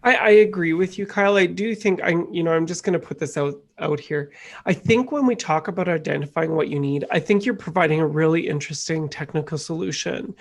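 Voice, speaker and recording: A man's voice: a little high, fairly quick, creaky. A middle-aged man co-hosting a life coaching podcast, telling stories earnestly in casual chat. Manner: earnest, animated storytelling with acted quotes.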